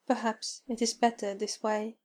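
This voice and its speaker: A woman voicing a gentle, devoted man from the desert who speaks earnestly and formally. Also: a little high, little pitch movement, normal speed, lightly acted. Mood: tender earnest.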